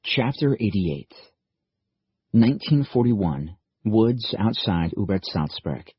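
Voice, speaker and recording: A man narrating an audiobook in a steady, measured storytelling manner. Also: fairly low pitch, breathy edge, no echo, highs cut off. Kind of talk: scripted narration.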